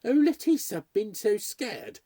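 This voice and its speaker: Guy doing a shaky sly young lady, hushed, husky edge. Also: fairly high pitch, huge pitch swings, normal speed, no room sound, studio quality, full character voice. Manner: hushed, deceitful.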